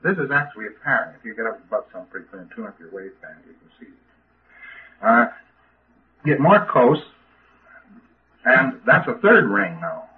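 A man's voice: medium pitch, sing-song, moderate pace, pauses often. Folksy man lecturing on a tinny tape. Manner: folksy and emphatic, with frequent restarts. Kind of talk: informal lecture to trainees.

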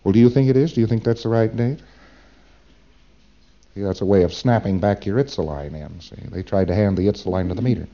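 A man lectures in a loose, rambling way and keeps checking in with "see?" as he goes. His voice sits on the low side and sounds warm and mellow. It comes through a muffled, lo-fi old tape recording. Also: fairly quick.

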